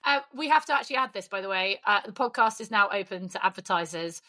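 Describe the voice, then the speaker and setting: A woman co-hosting a podcast, chatting in a teasing, brisk and direct way. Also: mid-range voice, animated, pushed and bright. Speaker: podcast co-host. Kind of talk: casual chat.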